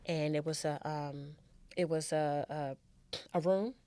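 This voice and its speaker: Heartfelt middle-aged woman, low voice. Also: fairly even intonation, a little slow, mellow, smooth. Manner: candid, heartfelt. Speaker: storytelling guest. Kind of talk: personal life storytelling.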